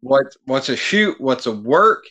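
A man's voice: mid-range voice, unhurried. A man, a podcast guest, talking in casual chat, profane and getting worked up as he goes. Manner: animated, profane, gets worked up.

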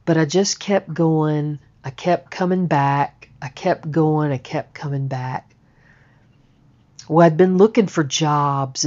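A woman with a deep, low voice tells a personal story in a frank, conversational way, and she swears casually. The recording sounds dull and lo-fi. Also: darkish tone.

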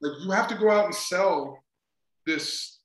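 Brief: middle-aged male consultant, higher-pitched, earnest and chatty, echoey room. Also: a little slow, fairly bright tone. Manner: earnest, repeats "right?" and "just". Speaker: sports psychology consultant. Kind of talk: casual interview talk. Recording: roomy echo.

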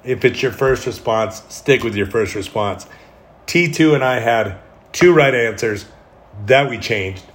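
A man's voice: mid-range voice, a little slow. A middle-aged man hosting a solo podcast, talking candidly in a rambling way with self-deprecating humor. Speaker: podcast host.

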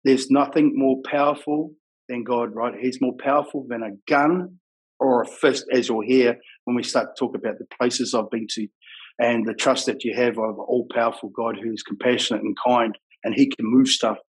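A middle-aged man with a New Zealand accent, frankly telling his life story in casual, rough-edged talk full of "bro" and "you know what I mean". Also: mid-range voice, fairly even intonation, normal speed, poor audio.

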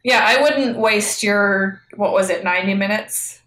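A woman's voice: medium pitch, measured pace, fairly bright tone. Blunt woman in a roomy, echoey room. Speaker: podcast co-host. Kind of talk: casual film-review chat. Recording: roomy echo.

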